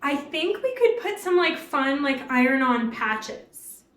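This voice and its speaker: Young woman streaming from her kitchen, slow unhurried chatter, lots of little laughs. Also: high-pitched, animated, a bit bright. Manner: chatty, giggly, talks to chat. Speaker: cooking streamer. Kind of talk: casual live-stream chat. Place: home kitchen.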